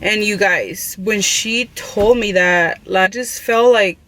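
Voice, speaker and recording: A woman's voice: medium pitch, takes it slowly, bright, forceful tone. Young woman vlogger, casual confessional storytelling, rambling and heartfelt, with a faint hiss in the background. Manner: rambling, full of "like" and "you know"; emotional, confiding.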